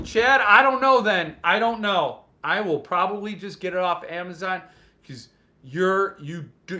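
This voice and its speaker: A man's voice: on the high side, bright, forceful tone. A man hosting a casual live stream about book collecting, reading viewer comments and joking around in a playful way. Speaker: host of a book collecting show.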